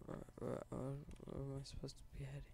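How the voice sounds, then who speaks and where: A man's voice: mid-range voice, completely flat delivery, fast talker, creaky, dark tone. A man giving casual gameplay commentary in nervous, rambling remarks. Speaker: gamer.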